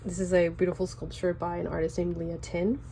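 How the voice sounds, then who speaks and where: A woman's voice: fairly low pitch, flat delivery, fairly quick, gravelly, warm tone, slight background noise. A young woman with a Californian accent, chatting casually and loosely while showing her sketchbook at home. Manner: chatty, loose and rambling with fillers. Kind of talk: casual chat.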